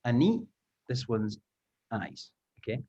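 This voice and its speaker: A man with a medium-pitched, dark-toned voice speaks slowly in a sing-song manner. Training English teachers in an online taster class, he's upbeat and supportive, walking through sounds step by step. His audio arrives muffled over a video call.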